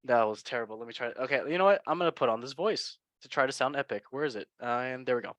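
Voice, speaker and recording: A man's voice: mid-range voice, fast, fairly bright tone, dry recording. A man hosting a casual football news show, chatty and joking. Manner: joking, chatty, laughs at own lines. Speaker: podcast host.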